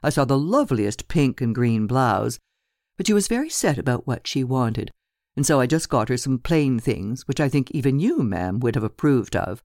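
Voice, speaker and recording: A woman's voice: a bass voice, animated, normal speed, darkish tone, no room sound, clean studio sound. A woman narrator voicing a chatty, gossipy middle-aged landlady in an audiobook, rambling and talkative.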